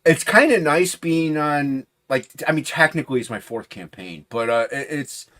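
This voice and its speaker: Casting: male guest creator, casual livestream chat, rambling delivery, animated pitch swings. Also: normal speed. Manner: rambling, restarts often, drops to a mumble.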